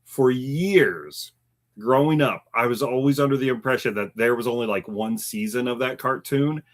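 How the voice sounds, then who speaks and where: A man co-hosting a live stream in casual chat, chatty and animated, laughing often and reading viewer comments aloud. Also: medium pitch, normal speed.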